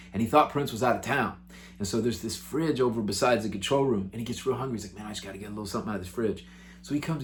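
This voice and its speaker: A male musician hosting his own show, telling road stories to the camera in an excitable, animated, chatty way. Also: mid-range voice. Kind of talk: casual storytelling to camera.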